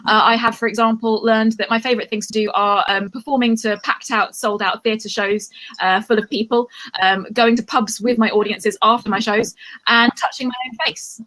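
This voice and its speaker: Stand-up comic, female, Cambridge English accent, fairly high voice, faint noise behind. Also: moderate pace. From Cambridge, England. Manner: bright, self-deprecating, deadpan punchlines. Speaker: stand-up comedian. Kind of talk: stand-up routine over a video stream.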